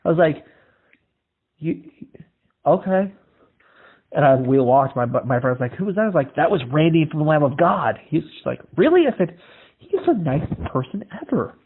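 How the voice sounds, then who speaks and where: A man's voice: fairly high pitch, big pitch swings, moderate pace, slightly rough. A male podcast host from Iowa, telling stories in casual chat, acting out the voices in them and swearing freely. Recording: tinny phone-like lo-fi audio.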